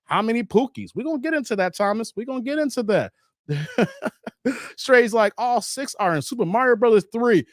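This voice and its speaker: A man hosts a casual stream and riffs on viewer comments. His voice sits high and swings widely as he laughs and jokes. The sound is close and dry, with no room around it. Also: moderate pace, no echo. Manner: animated, laughing, slang-heavy banter. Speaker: host reading viewer comments.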